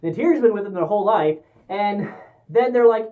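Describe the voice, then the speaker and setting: A woman giving a casual spoken movie review, exasperated and sarcastic, acting out characters' lines in quick asides. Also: medium pitch, animated. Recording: tinny phone-like sound.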